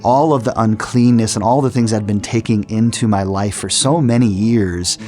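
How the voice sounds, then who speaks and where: Middle-aged man, low voice, earnest testimony, faint music underneath. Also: moderate pace, darkish tone. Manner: earnest storytelling with restarts. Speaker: testimony speaker. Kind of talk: personal testimony.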